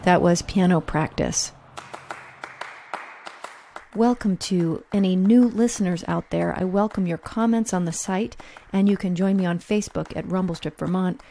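A woman's voice: fairly low pitch, moderate pace, vocal fry, warm tone, slight background noise. A middle-aged woman hosting a show and reading her own short story with wry, self-deprecating humor. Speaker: podcast host and storyteller.

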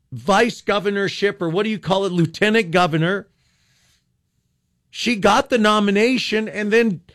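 A man's voice: high voice, fairly bright tone, no room sound, studio quality. An older man, a talk radio host, ranting sarcastically and rambling with frequent restarts.

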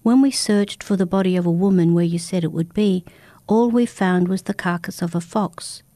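A woman voicing a calm temple monk in a storybook reading, speaking in a measured, deliberate way. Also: on the low side, dry recording, natural voice. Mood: grave.

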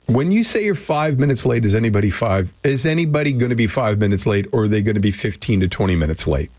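A man's voice: lowish voice, lively intonation, fast, darkish tone, no echo, studio quality. A male radio host chatting casually on air, rambling and joking, often stopping to restart his thoughts. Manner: rambling, self-interrupting, joking. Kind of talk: casual morning radio chat. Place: radio studio. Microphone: studio microphone.

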